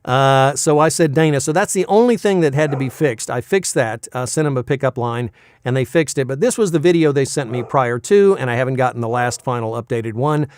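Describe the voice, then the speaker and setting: A man's voice: mid-range voice, brisk, clear, resonant tone, dry recording. A male voice actor chatting casually in a vlog, rambling and self-deprecating as he tells stories from his work.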